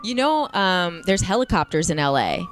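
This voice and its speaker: A woman's voice: on the low side, sing-song, moderate pace, noisy background. A woman hosting a podcast, chatting casually and chiming in with enthusiastic reactions. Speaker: podcast host. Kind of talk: casual chat.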